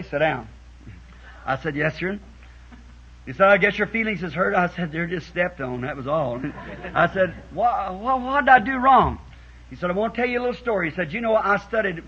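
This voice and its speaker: High husky preacher on old tape. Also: male voice. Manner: folksy storytelling, acting out quoted voices, building to shouts. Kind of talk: sermon. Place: church meeting with congregation. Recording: dull lo-fi 1960s sermon tape.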